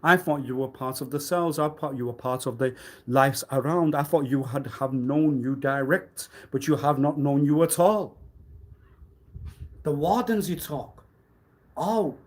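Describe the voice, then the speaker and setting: A man on a live stream delivering a rambling, accusatory monologue, swinging between loud outbursts and low muttering. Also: unhurried. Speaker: livestreamer.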